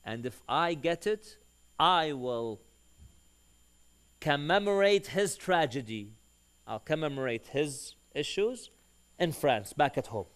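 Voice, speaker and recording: Male preacher, fairly high voice, lively storytelling delivery with acted-out dialogue. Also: slow pace, long pauses, clear, resonant tone. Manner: animated storyteller who acts out quoted dialogue. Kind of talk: storytelling sermon.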